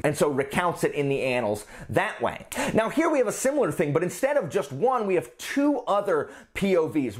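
A man giving a casual book review on his vlog, explaining in a rambling, animated way. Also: a little high.

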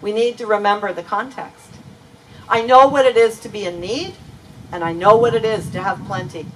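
A woman's voice: mid-range voice, fairly bright tone. A woman pastor preaching a sermon in a church, earnest and emphatic, leaning on key words. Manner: earnest, emphatic preaching with slow deliberate stresses. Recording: voice from a distance with faint ambient noise.

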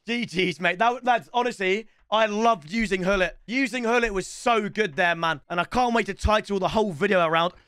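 A young man commentating excitedly on his own video game stream, shouting between calm stretches. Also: sits high, a little fast, few pauses, clean tone. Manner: excitable, shouts and swings between hype and frustration.

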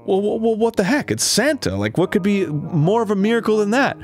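A man's voice: high-pitched, big pitch swings, fairly quick, darkish tone, faint music behind, voice pushed up. A man voicing a cheerful old husband who fusses over his grumpy wife. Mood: fretful.

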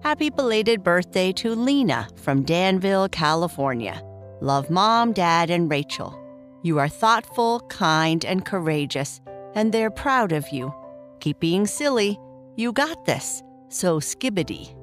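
A woman hosting a bedtime story show, reading listener shout-outs and narrating a children's story in a slow, soothing way. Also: on the low side, big pitch swings, faint music behind. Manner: slow, soft and soothing, reading names warmly. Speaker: storyteller host.

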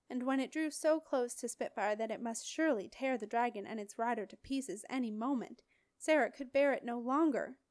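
A woman reading a fantasy novel aloud as an audiobook in an expressive, dramatic storytelling voice. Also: a little high, no room sound, studio quality. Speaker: audiobook reader. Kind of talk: audiobook narration.

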